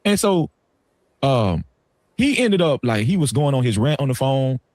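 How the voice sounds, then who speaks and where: Stream host, male, lively storyteller, slangy, close dry mic. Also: a little slow, dry recording, soft background music. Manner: animated, slangy, swings between low asides and loud outbursts. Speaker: livestream host. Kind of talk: casual storytelling on a livestream.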